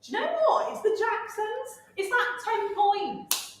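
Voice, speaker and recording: A woman's voice: very high voice, unhurried, very echoey, a little hiss or hum. A woman reading out quiz scores, casual and chatty, from away from the mic.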